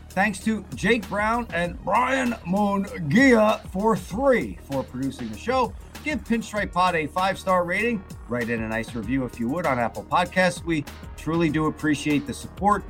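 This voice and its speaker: A man's voice: sits high, a bit bright. A man hosting a podcast, signing off the episode in an upbeat, announcer-like way. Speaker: podcast host. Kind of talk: podcast sign-off.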